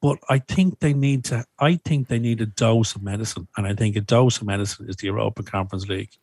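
Husky-voiced man telling a story, deep tone. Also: quick pace, no room sound. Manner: animated storytelling, swearing, laughing at himself. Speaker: podcast guest. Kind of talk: casual chat.

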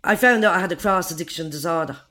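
A woman's voice: lowish voice, fast, fairly bright tone. A woman in her forties with an Irish accent, bluntly telling her own life story in an interview and swearing freely. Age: 40s. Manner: blunt, swears freely, acts out others' lines.

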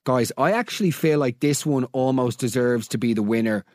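A man hosting a comedy podcast, reading out listener stories with incredulous, animated energy. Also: medium pitch, normal speed, no room sound, studio quality. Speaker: podcast host.

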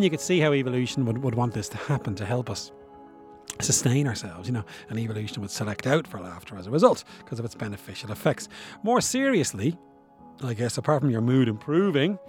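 A man's voice: medium pitch, darkish tone. A man explaining science in a casual, chatty way, often asking his listeners rhetorical questions. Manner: chatty, asks rhetorical questions, demonstrates laughs. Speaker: science presenter. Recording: dry with faint music behind.

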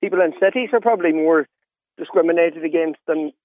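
A man's voice: on the high side, fairly quick, no echo. Donegal man on a tinny phone line. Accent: Donegal Irish. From Donegal, Ireland. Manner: rambling, lots of "you know" fillers. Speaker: radio guest on the phone. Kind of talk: radio phone-in chat. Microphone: telephone line.

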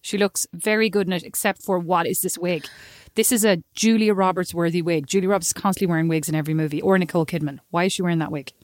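Fast-talking, sarcastic Irish woman. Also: fairly low pitch, fairly even intonation, no room sound, clean studio sound. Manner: blunt, sarcastic teasing. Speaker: podcast co-host. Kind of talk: casual chat.

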